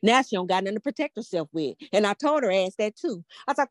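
A woman's voice: medium pitch, lively intonation, quick pace, few pauses, no room sound. Older lady host telling a story, cusses a lot, keeps going "guess what", dry close sound. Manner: blunt, profane, emphatic, keeps asking rhetorical "guess what". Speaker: podcast host. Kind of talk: casual storytelling to a live audience.

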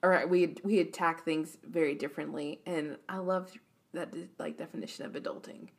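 Low, gravelly young woman podcast host. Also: steady tone, normal speed. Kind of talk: casual faith-based chat.

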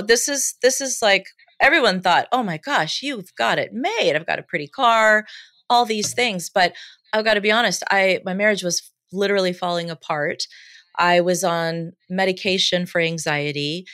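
A woman's voice: lowish voice, dry recording. A woman in her fifties, a guest on a podcast, telling her life story candidly and with animation. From United States. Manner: candid, animated, laughs easily. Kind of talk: casual storytelling interview.

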